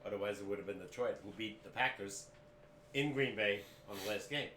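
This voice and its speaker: A man's voice: fairly low pitch, fairly quick, bright, forceful tone, echoey room, a little hiss or hum. A man co-hosting a sports podcast, talking steadily and plainly, reeling off team records in casual chat. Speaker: podcast co-host, father of the other host.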